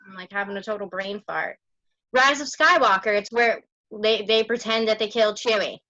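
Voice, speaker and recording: Animated woman guest over a dry lo-fi line. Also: medium pitch, normal speed, dry recording. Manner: animated, laughing storyteller. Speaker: podcast guest. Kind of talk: casual podcast chat.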